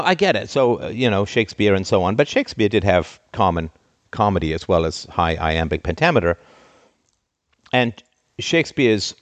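Deep-ish guy host ranting live, sarcastic and exasperated, trained theatrical voice, dry sound. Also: no echo. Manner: exasperated, sarcastic, big swings in pitch. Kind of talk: ranting live show monologue.

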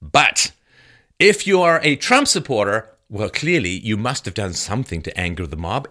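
A man's voice: mid-range voice, wildly swooping pitch, moderate pace, pushed and bright. A man delivering an emphatic, sarcastic political commentary monologue.

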